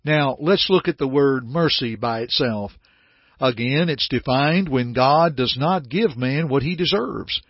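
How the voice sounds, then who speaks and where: Husky earnest male radio preacher. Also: mid-range voice, unhurried, no room sound. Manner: earnest, emphatic repetition. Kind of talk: radio sermon. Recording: dull, lo-fi radio broadcast sound.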